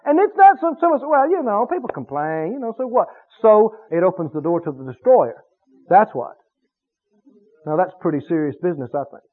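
A man preaching a sermon, emphatic and animated, stretching key words for effect. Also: high-pitched, normal speed. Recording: tinny phone-like radio broadcast.

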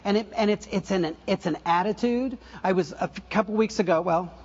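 An older man preaching a conversational sermon, full of asides and self-corrections and soft laughs at his own stories. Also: high voice, brisk, breathy edge, highs cut off. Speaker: pastor.

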